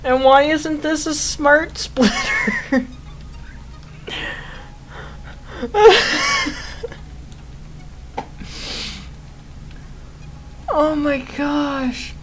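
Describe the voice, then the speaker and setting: A woman's voice: sits high, wildly swooping pitch, slow pace, few pauses, a little hiss or hum, rough recording. A young woman chatting casually over her gameplay, often laughing in amused disbelief at what she once built. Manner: laughs often, amused and incredulous at her own old build. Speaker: game streamer.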